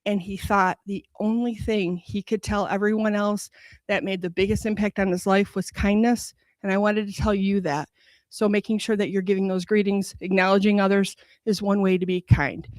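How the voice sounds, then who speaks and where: A woman's voice: medium pitch, level tone, normal speed, no room sound. Woman giving school morning announcements. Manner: warm encouraging address to children.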